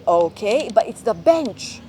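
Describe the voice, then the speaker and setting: Slow, clear woman teacher. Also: medium pitch, very animated, a little mellow, a little hiss or hum. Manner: slow, clear, often checking with children. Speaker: teacher, director of studies. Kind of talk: storytelling to young learners.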